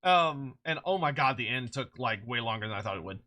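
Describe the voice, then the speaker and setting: A streamer chatting casually on a live stream, excitable and rambling, swearing freely and laughing often, short on sleep. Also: mid-range voice, a little fast. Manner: rambling with frequent restarts.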